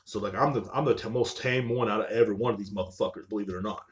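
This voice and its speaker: Rambling, profane young man, low voice. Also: racing. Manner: rambling, profane, filler-heavy with "like" and "you know what I'm saying". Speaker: podcast host. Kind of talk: casual solo podcast storytelling.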